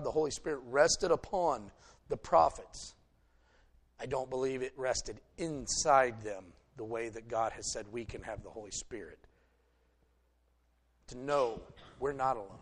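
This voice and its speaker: A male preacher delivering a sermon, retelling a story and swinging between loud emphasis and hushed asides. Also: a little high.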